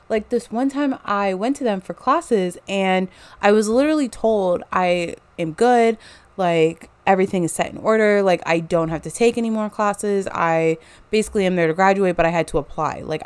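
Woman, 20s, casual storytime vlogger; chatty, filler-heavy delivery, lower-pitched and crisp. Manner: chatty, animated retelling with lots of "like". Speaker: college student.

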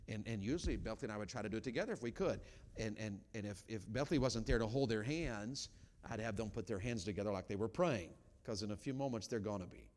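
A middle-aged man preaching a sermon as a pastor, dropping to quiet talk and then rising to loud, high-pitched preaching. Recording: hall reverb.

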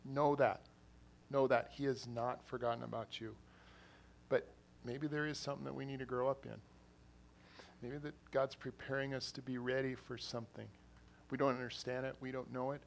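A man's voice: medium pitch, flat delivery, moderate pace, gravelly, a little hiss or hum. A man who is an assistant pastor, preaching an earnest sermon in a church, repeating phrases and rising to emphatic bursts. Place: church hall.

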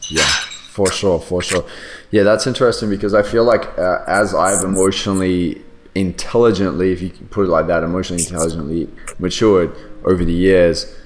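A man's voice: sits low, fairly even intonation, a little fast, slight background noise. A man hosting an interview, chatting casually and enthusiastically with frequent restarts. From Australia. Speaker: podcast host.

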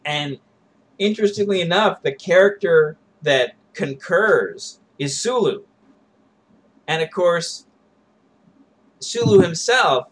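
A man's voice: a little high, fairly bright tone. A man co-hosting a podcast, talking through ideas in a thoughtful, digressive way. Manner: thoughtful and digressive, musing on tactics and history. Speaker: podcast co-host. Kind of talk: casual discussion.

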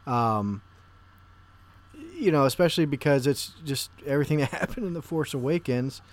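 A man's voice: mid-range voice, animated, moderate pace. A man hosting a podcast in a casual movie discussion, recapping scenes and prompting the others. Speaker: podcast host.

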